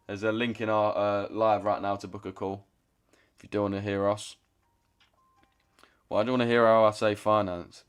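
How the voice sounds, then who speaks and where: A man's voice: lowish voice, level tone, normal speed, long pauses, smooth. A man in his twenties with a London accent, chatting casually on a trading livestream, blunt and slangy, swearing freely as he answers chat. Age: 20s. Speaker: trading streamer.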